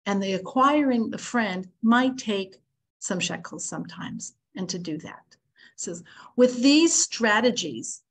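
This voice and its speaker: A middle-aged woman teaching a Torah lesson in a chatty storytelling way, acting out the voices of the people in her story and mixing in Hebrew and Yiddish words. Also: on the high side. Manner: animated storyteller acting out both sides of dialogue; conversational, many "like" fillers, Yiddish and Hebrew terms.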